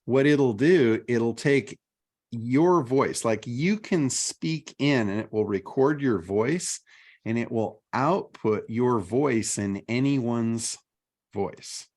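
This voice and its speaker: A middle-aged man hosting a casual chat show, telling stories in an animated way. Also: medium pitch, takes it slowly. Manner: animated storytelling. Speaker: podcast host.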